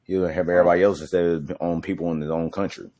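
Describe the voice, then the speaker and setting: A man in casual chat, laid-back and quick to agree. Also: sits low, steady tone, warm tone.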